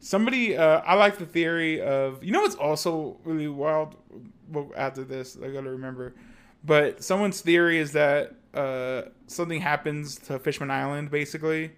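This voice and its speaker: A man's voice: fairly high pitch, moderate pace, clean tone. A man co-hosting a podcast in casual chat, talking loosely with many fillers and restarts. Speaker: podcast co-host.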